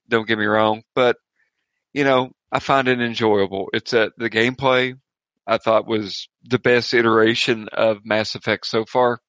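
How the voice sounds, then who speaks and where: A man with a bright, forceful voice hosts a casual podcast chat. He jokes and talks with enthusiasm, recorded dry and close. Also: mid-range voice, dry recording, muffled recording. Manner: joking, enthusiastic. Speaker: podcast host.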